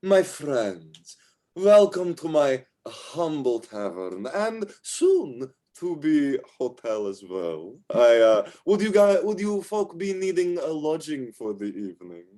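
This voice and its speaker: A man's voice: a little high, sing-song, slow, dark tone. A man voicing a flamboyant, buxom female dwarf tavern keeper who welcomes guests effusively. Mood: gushing. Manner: effusive, grandly welcoming hostess.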